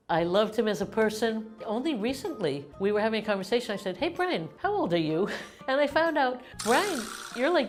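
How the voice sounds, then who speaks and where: An older American woman in her sixties talks to camera in a casual vlog, her voice sitting a little low. She sounds heartfelt and warm and laughs often. Faint music plays behind her. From United States. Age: 60s. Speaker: vlogger.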